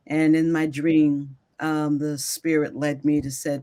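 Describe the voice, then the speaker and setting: A woman co-hosting a podcast, speaking softly and reflectively as the guest's mother. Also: deep voice, slow. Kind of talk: reflective conversational talk.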